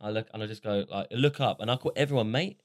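A man's voice: on the low side, fast talker, dry recording, clean studio sound. A young man co-hosting a podcast, chatting casually, laughing often and swearing freely. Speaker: podcast co-host. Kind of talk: casual chat.

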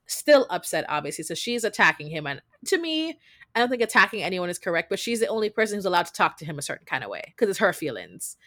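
A woman's voice: fairly low pitch, fast, dry recording. A woman co-hosting a podcast, casually recapping reality TV drama, acting out quotes and swearing freely. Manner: animated retelling, acts out quotes, swears freely. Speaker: podcast co-host.

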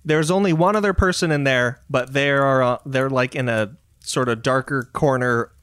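Man, game master, relaxed narration, middle pitch, tabletop game. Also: normal speed, no echo.

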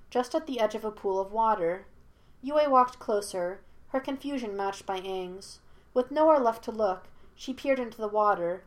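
Woman reading a story aloud. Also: medium pitch. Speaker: audiobook reader. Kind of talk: scripted narration of a fan story.

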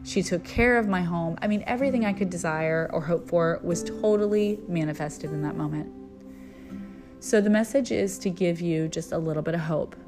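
A woman's voice: fairly low pitch, moderate pace, over music. A middle-aged woman hosting a spiritual message, telling a personal story and then preaching in an earnest, storytelling way. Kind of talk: inspirational spiritual talk.

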